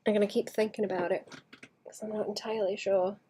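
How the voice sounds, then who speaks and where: Woman softly muttering while she paints. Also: mid-range voice, little pitch movement, fast talker, slight background noise. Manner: soft muttering to herself, trailing into whispers; thinks aloud, second-guessing her work. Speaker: artist streaming her painting. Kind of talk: casual livestream chat while painting.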